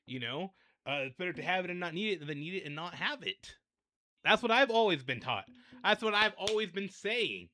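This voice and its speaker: Man, livestream host, rambling rant, repeats himself, bright edgy tone. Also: high-pitched, big pitch swings, fairly quick. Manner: ranting, repetitive, addresses audience directly.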